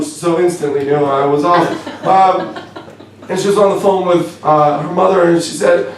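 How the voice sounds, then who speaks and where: A young man with a Canadian accent works through a stand-up set, dry and self-mocking, his delivery full of little halts and restarts. His voice sits a touch high for a man. It comes from a distance in an echoey club, with faint room noise around it. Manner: wry, self-deprecating, halting with many fillers. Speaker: stand-up comedian. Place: comedy club.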